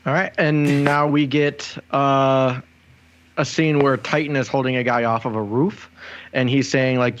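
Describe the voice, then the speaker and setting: A man's voice: mid-range voice, little pitch movement, normal speed, muffled recording. A man co-hosting a podcast, retelling scenes step by step in casual chat. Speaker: podcast co-host.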